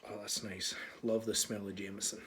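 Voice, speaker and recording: A man's voice: fairly low pitch, moderate pace, a little hiss or hum. Chatty Irish man hosting a tasting. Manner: chatty, joking, relaxed. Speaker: whiskey tasting host. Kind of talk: casual instructional talk. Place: small bar.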